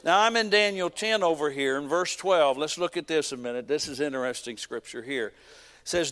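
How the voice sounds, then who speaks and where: A man's voice: a little high, a little fast, a bit bright, long reverb tail. A man preaching a sermon in a folksy, emphatic way, full of repetition and homespun humor.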